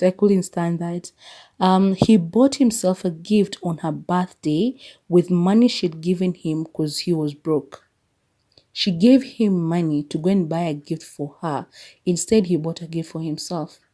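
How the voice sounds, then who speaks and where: A woman's voice: lowish voice, unhurried. Laughing woman podcaster. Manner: animated, laughing, mixes Swahili into English. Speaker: podcast host. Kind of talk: casual solo podcast chat.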